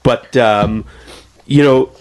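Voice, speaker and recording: A man hosting a podcast, asking questions in a halting, filler-heavy casual way. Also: mid-range voice, a little mellow. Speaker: podcast host. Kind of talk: casual interview chat.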